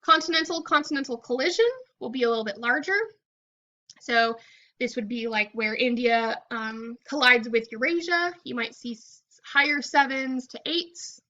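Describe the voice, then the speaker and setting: A woman with a bright, forceful voice walks students through a recorded college lecture. She explains casually, checking in with "okay" and filling pauses with "um". The recording sounds dull and lo-fi. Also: a little high. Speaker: college geology instructor.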